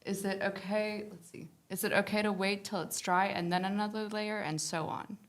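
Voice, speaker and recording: A woman's voice: medium pitch, fairly even intonation, normal speed. A woman co-hosting a live-stream painting class, chatty and reading out viewers' comments. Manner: chatty, laughs often.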